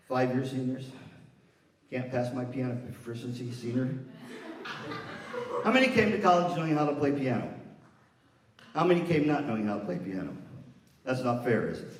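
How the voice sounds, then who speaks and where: An older man giving a playful motivational talk as guest speaker at a university, teasing the audience. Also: medium pitch. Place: university hall. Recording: roomy hall from far off.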